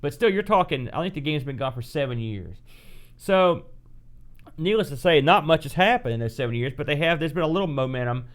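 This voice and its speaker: A man's voice: a little high, animated, a little fast. A middle-aged man co-hosting a casual retro gaming chat, rambling and correcting himself as he talks. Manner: rambling, self-correcting, chatty. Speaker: podcast co-host.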